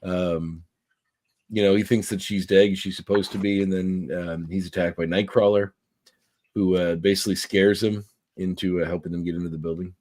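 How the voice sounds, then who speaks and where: A man co-hosting a podcast casually recaps a comic in a rambling review chat, full of fillers and restarts, and reads quotes aloud. His voice is low and darkish, with fairly even intonation and a moderate pace.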